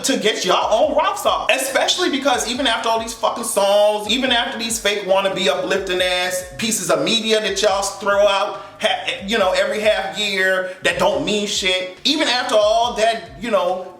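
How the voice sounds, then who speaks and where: A man's voice: high voice, normal speed, hardly any pauses, a bit bright. A man giving a heated, sarcastic, profane opinion rant to camera as a vlogger, often mocking other people's voices. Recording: echoey room with faint music.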